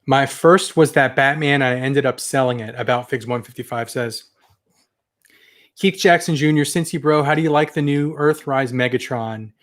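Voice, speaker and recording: Reading out viewer comments on his toy collecting livestream, this young adult host rambles with casual enthusiasm. His mid-range voice moves at a normal speed.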